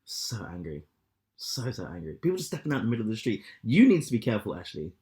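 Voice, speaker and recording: A man in his thirties co-hosting a podcast, telling stories with lots of swearing and loud acted-out quotes. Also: fairly low pitch, fast. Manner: animated storyteller, swears a lot, acts out quotes loudly. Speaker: podcast co-host. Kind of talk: casual chat.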